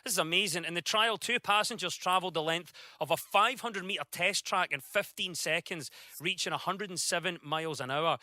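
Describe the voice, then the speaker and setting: A man hosting a comedy panel show, reading news items briskly and laughing easily. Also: sits high, bright, forceful tone, dry recording. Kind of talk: scripted news-parody presenting.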